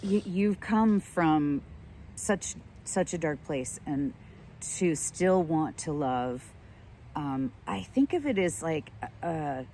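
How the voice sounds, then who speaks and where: A woman hosting a podcast in casual chat, gentle and supportive, laughing easily as she listens. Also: low-pitched, expressive, slow, a little hiss or hum.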